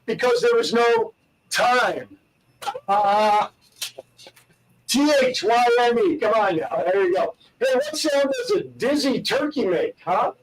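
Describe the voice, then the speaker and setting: A man's voice: extremely high pitch, huge pitch swings, slow, far from the mic, slight background noise, rough recording. A man co-hosting a talk show, playfully telling corny holiday dad jokes and poking fun at himself. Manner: playful, self-mocking joke teller. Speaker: co-host.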